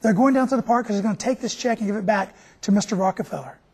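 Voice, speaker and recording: Husky-voiced man telling a story. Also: high-pitched, very fast, darkish tone. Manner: folksy, conversational. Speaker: TV show host.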